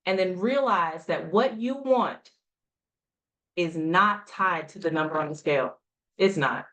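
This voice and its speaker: A woman's voice: lowish voice, unhurried, fairly bright tone. A woman coaching a group, speaking emphatically, asking rhetorical questions and repeating lines for effect. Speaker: health coach. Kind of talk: motivational coaching talk.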